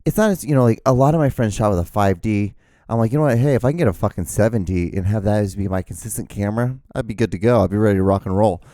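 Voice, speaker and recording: A man hosting his own podcast, rambling excitedly about gear with lots of fillers and restarts, out of breath. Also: lowish voice, fast talker, no echo, clean studio sound. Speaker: host. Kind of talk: casual solo podcast rambling. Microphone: camera mic, speaking to camera.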